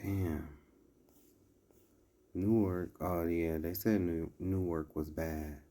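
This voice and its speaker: A man's voice: deep voice, steady tone, slow, mellow. A man giving casual commentary as he reads out a list, breaking off into sarcastic asides and chuckles.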